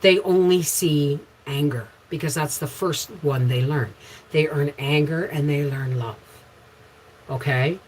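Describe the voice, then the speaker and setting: A middle-aged woman hosting a casual livestream, chatting with viewers and telling frank, rambling stories with sudden loud bursts. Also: deep voice, measured pace, slight background noise, low-quality recording. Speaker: homestead channel host.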